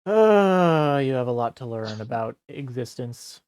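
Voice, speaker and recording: A man streaming a role-play, talking in a dry, teasing, deadpan way. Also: mid-range voice, moderate pace, no echo.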